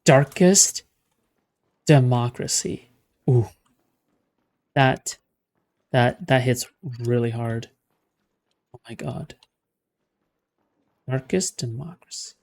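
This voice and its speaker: A man's voice: mid-range voice, takes it slowly, creaky, pauses often, a little mellow. A man streaming a game live, ranting sarcastically and swearing as he plays. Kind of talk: live gameplay commentary.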